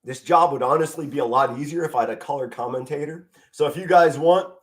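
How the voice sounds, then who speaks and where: Middle-aged man, fan play-by-play streamer, standing, passionate and emotional, slightly high voice, occasional stutters. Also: fast. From Pennsylvania. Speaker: amateur play-by-play commentator. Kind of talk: live fan sports commentary stream. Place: home, standing in front of a flag.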